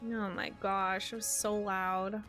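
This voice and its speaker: A woman's voice: medium pitch, flat delivery, slow pace, bright, forceful tone, soft background music. A young woman streaming a game, chatting casually and exclaiming with mild minced oaths. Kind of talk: casual gameplay commentary.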